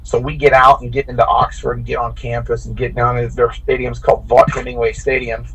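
Brisk and gravelly in the mid-range, this Illinois bracket racer is a podcast guest spinning a long, rambling tale with lots of restarts. He's animated and chatty, and the rough recording has a little hiss or hum.

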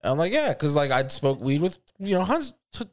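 A man's voice: a little high, very animated, a little fast. A man in his thirties with an American accent, telling profane, rambling stories on a casual podcast and acting out other people's voices. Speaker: podcast co-host. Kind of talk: casual storytelling chat.

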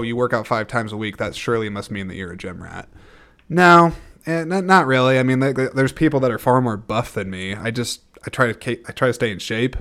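Man in his thirties, podcast host, smooth clear voice, medium pitch, rambling casual monologue. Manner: rambling, thinking aloud with frequent restarts.

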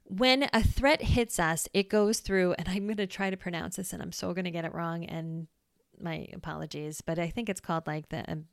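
A woman hosts a casual solo podcast with a smooth, clear voice. She explains ideas in a relaxed, chatty way and keeps checking in with the listener. The sound is close and dry. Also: fairly low pitch, dry recording. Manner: chatty, checks in with "right?", acts out quick voices. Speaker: podcast host.

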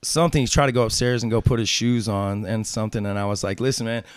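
A man's voice: lowish voice, fast, clear, resonant tone, no room sound, studio quality. A man talking as a tattoo artist guest in an interview, telling stories casually, swearing freely and acting out what other people said. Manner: profane, acts out quoted voices.

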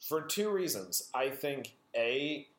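A man's voice: mid-range voice, big pitch swings, takes it slowly. A man co-hosting a podcast, chatting casually about films, enthusiastic and rambling, often laughing. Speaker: podcast co-host. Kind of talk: casual film discussion. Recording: roomy echo.

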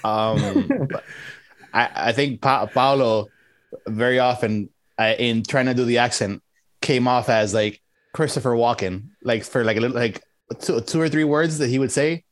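A man's voice: mid-range voice, moderate pace, no room sound. A man co-hosting a casual movie review podcast, talking hesitantly with many restarts. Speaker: podcast co-host.

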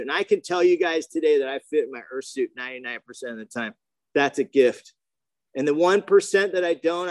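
At a recovery meeting, a medium-pitched man who grew up near the ocean shares his personal story in a slangy, animated way, performing the voices of the people he quotes. There is no room sound.

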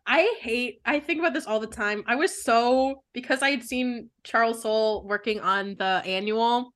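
A woman's voice: fairly high pitch, normal speed, fairly bright tone. A young woman in a blunt, joking casual chat, swearing freely.

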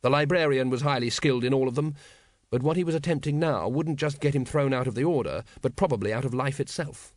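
Measured, dry man narrating an audiobook. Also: mid-range voice, no echo.

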